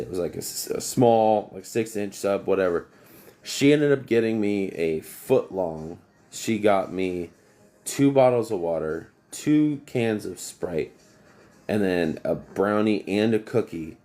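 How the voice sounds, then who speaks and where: A man's voice: on the low side, mellow. A man who works as an HVAC technician, telling long rambling stories on a casual livestream and breaking off to greet viewers.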